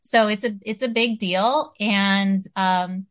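A woman's voice: mid-range voice, slow, fairly bright tone. A woman talking earnestly in a casual spiritual chat, full of "you know" and "like".

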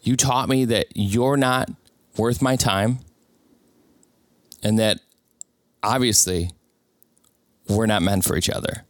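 Taking it slowly with long pauses, a man with a fairly low voice recounts a personal story in an earnest, reflective way. He speaks the other people's lines in his own plain voice, recorded dry and close with no echo.

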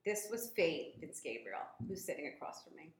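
A woman's voice: low voice, sing-song, normal speed. A woman, a guest on a podcast, telling her personal story in a chatty, emotional way. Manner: chatty, emotional, laughs easily. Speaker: podcast guest, gym member. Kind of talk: casual storytelling. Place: audio-only podcast recording. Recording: echoey room.

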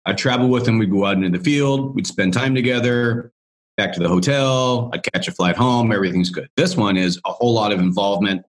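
A man with a somewhat low voice speaks as a guest coach in an interview. He tells his story casually, wandering and restarting often in a friendly, talkative way. The delivery stays loose and conversational. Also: fairly quick. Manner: rambling, chatty, with many restarts and "you know".

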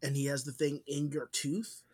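A man's voice: a little high, little pitch movement, normal speed, a little mellow, breathy edge. A man talking on a casual podcast, giving emphatic, swearing opinions. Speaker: podcast co-host. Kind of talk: casual chat.

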